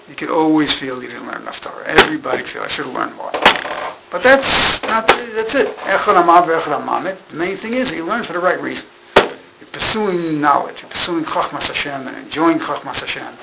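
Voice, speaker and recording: A Torah teacher leads an informal class, emphatically repeating and restating his points and restarting phrases. His voice is fairly high and creaky, and the recording is very noisy.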